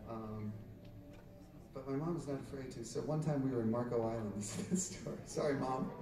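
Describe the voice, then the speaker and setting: On a concert hall stage, a middle-aged musician tells the audience a rambling story, laughing often and full of fillers and restarts. His mid-range voice moves fairly quickly. An audience taper captured it from the crowd, giving a roomy, distant sound with a loud crowd in the background.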